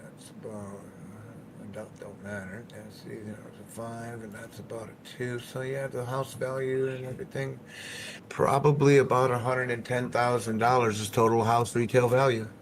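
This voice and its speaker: A man in a relaxed stream chat, spinning long anecdotes and slipping into animated voices when he quotes people. His voice sits at an ordinary middle pitch. A faint hum of background noise runs underneath. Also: moderate pace. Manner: storytelling, animated when quoting others. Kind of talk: casual chat.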